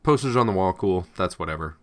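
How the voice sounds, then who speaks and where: Deep-voiced man rambling on a podcast. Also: expressive, fast, a bit bright. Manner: rambling, hesitant with many fillers. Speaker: podcast co-host. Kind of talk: casual chat.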